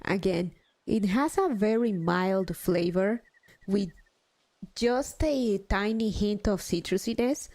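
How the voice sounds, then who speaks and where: A young woman chats casually on a live stream in an unhurried, drawn-out way. Her talk is loose and self-mocking, with a swear word here and there. Her voice sits at an ordinary middle pitch. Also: darkish tone. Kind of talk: casual chat while gaming.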